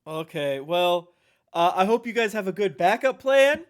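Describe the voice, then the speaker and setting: High-voiced man ranting sarcastically at a game table. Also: animated, normal speed, clear, resonant tone. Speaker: player. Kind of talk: in-character tabletop banter.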